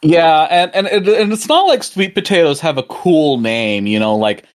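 A man's voice: a little high, measured pace. A young man co-hosting a podcast, chatting casually and often stammering, with repeated starts. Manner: stammering repeats, animated when joking. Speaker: podcast co-host. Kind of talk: casual chat.

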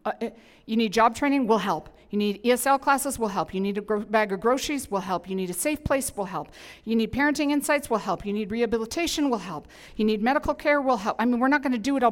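A middle-aged woman pastor preaching a sermon in an animated, emphatic, conversational way with humorous asides. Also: a little high. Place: church sanctuary. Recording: long hall reverb.

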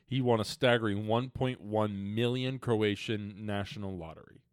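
A man's voice: on the low side, normal speed, clean tone, no room sound, clean studio sound. A man co-hosting a casual podcast, telling stories in a loose, joking way and swearing often. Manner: loose, profane, jokey storytelling. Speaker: podcast co-host. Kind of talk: casual chat.

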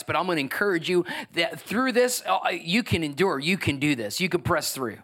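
Emphatic pastor preaching. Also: male voice, fairly high pitch, brisk, few pauses. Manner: emphatic, rising to energetic exhortation. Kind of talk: sermon.

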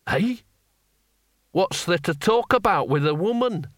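A man voicing a crude old barbarian who talks slowly and bluntly, puzzled, in an audiobook. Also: high-pitched, lively intonation, a bit bright, dry recording, studio quality, pitched above the performer's own voice. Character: crude old male barbarian, baffled and coarse.

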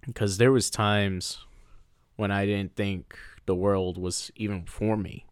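A man co-hosting a casual podcast, telling a personal story in an animated way and slipping into playful voices. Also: fairly low pitch, slow pace, smooth, no echo, studio quality. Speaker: podcast co-host. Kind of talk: casual chat.

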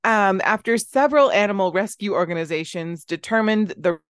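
Woman podcast co-host, chatty, bright and giggly, dead-dry sound. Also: medium pitch, expressive, a little fast, clean tone, no room sound. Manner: laughs often, many fillers. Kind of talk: casual chat, reading news stories.

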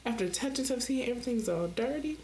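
Young woman, podcast host, sassy rambling chat, highish voice, faint background noise. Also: fast. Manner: animated, sassy, jumps into mimicked voices. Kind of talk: casual rambling monologue.

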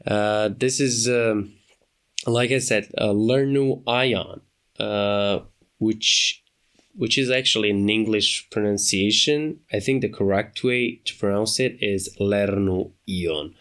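A man hosting his own podcast, talking off the cuff in a hesitant way, with many pauses and restarts. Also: on the low side, steady tone, a bit bright, clear, resonant tone. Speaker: podcast host. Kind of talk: unscripted solo podcast talk.

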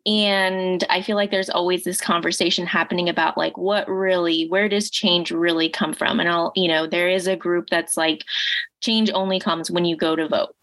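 A woman's voice: lowish voice, flat delivery, moderate pace, a bit bright, no echo. A woman hosting a casual podcast, reflecting thoughtfully on a guest's point. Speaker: podcast host.

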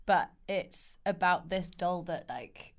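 A woman's voice: lowish voice, takes it slowly. A British woman co-hosting a casual chat, rambling with many fillers. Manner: rambling, lots of fillers, animated. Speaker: co-host.

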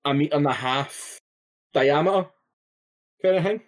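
A man co-hosting a podcast, telling a story in a relaxed, rambling way with lots of fillers and swearing. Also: on the high side, normal speed. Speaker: podcast co-host.

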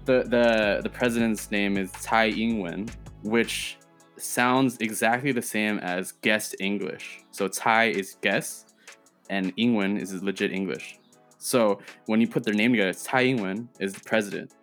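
A man's voice: on the low side, fairly even intonation, a little slow, a bit bright, soft background music. An American man co-hosting a podcast over a call, chatting casually, laughing often and repeating words as he starts a thought. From United States. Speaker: podcast co-host. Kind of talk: casual chat. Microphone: remote call.

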